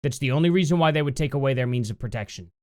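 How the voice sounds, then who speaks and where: A man's voice: medium pitch, lively intonation, racing, darkish tone, clean tone. An indignant, mocking man hosting his channel, reacting to a news clip from the United States. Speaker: commentary channel host.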